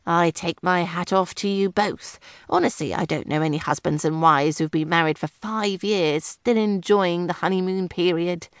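A woman voicing a long-suffering, henpecked male headmaster, who sighs and talks slowly. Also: lowish voice, smooth, no echo, studio quality, close to an everyday voice. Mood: weary. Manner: sighing, slow, put-upon.

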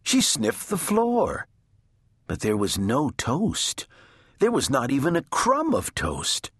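A man narrating a children's storybook in a gentle, deliberate storytelling manner. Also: medium pitch, wildly swooping pitch, husky, no echo, studio quality. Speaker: audiobook narrator.

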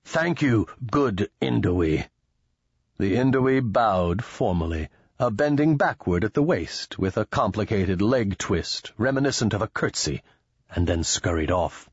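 A man narrating an audiobook in a steady, measured way, close to a studio mic. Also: fairly low pitch, slightly rough, no room sound, muffled recording. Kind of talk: scripted narration.

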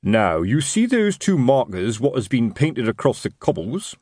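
A man's voice: mid-range voice, very animated, a little slow, a little mellow, husky, dry recording, studio quality, voice pushed up. A man playing a middle-aged city watch sergeant who talks expansively and self-importantly in a working-class way.

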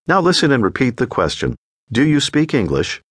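A man narrating a language course in a clear, patient, scripted teaching voice. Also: mid-range voice, wildly swooping pitch, normal speed, a bit bright, dry recording. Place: recording studio.

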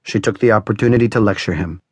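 A man narrates a novel in a measured, dramatic reading. His voice sits fairly low, and the recording is dry and close with no room sound. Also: husky, no room sound. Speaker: audiobook narrator. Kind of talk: scripted narration.

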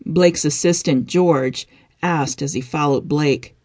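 A woman narrating a romance audiobook in an even, steady reading voice. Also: low-pitched, measured pace, husky, no room sound, clean studio sound.

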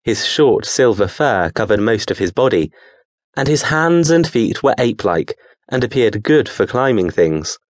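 Reading an audiobook, a male narrator keeps a calm, even storytelling rhythm. His pitch is medium, and the sound is studio quality without any echo.

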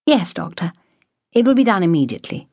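A woman's voice: lowish voice, big pitch swings, brisk, a little mellow, no echo, lo-fi sound, pitched above the performer's own voice. A woman voicing a proper, dutiful nursing sister in an audiobook. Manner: prim, dutiful.

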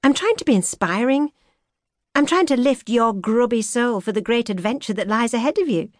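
A woman's voice: on the high side, lively intonation, darkish tone, no room sound, pitched above the performer's own voice, close to an everyday voice. A woman narrator voicing a young Yorkshire woman, earnest and teasing, in an audiobook. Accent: soft Yorkshire. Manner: teasing, idealistic, quick to mock. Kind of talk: audiobook character voice. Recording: dry studio recording.

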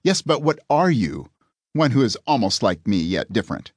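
A man's voice: medium pitch, sing-song, moderate pace, slightly rough, no echo, studio quality. A man voicing a naive, eager first man in an audiobook, talking in a wide-eyed way. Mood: curious.

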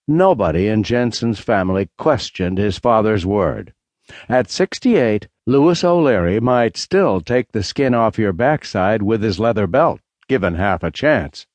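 A man narrating a mystery audiobook in a steady, measured read. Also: medium pitch, no room sound. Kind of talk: scripted narration.

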